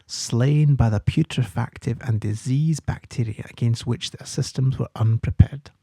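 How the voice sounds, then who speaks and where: A male teacher talks through a set text in an explanatory way, stopping to spell out key terms letter by letter. His voice is very dark and gravelly with a husky edge. The recording is dry and close, with no room sound. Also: medium pitch, moderate pace, no echo. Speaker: literature teacher. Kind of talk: study-guide podcast explanation.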